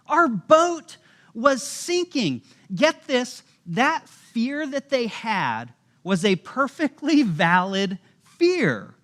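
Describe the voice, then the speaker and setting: Animated high-voiced man preaching. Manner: casual, animated storytelling with voiced asides. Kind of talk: sermon. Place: church.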